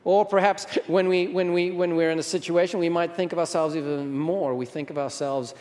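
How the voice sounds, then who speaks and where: Brisk and fairly even in intonation, a pastor with a higher, darkish voice delivers a sermon in a large, echoing hall with long reverb. He chats with the audience and frequently asks them questions.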